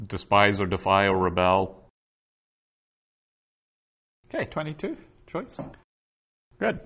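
A man teaching a Biblical Hebrew class, reading verses aloud slowly and then patiently explaining the grammar. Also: sits low, huge pitch swings, a bit bright. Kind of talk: slow explanatory lesson.

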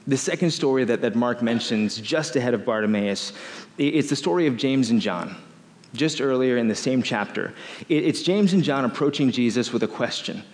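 A man preaching a sermon as a pastor, in an animated way, often repeating phrases. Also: mid-range voice, moderate pace, big-room sound.

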